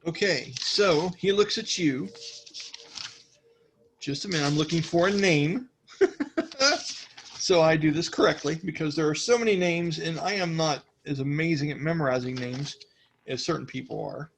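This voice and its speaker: A man's voice: a little high, normal speed, vocal fry, long pauses, slight background noise. Rambling male game master. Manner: rambling, many fillers. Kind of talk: narrating a tabletop game.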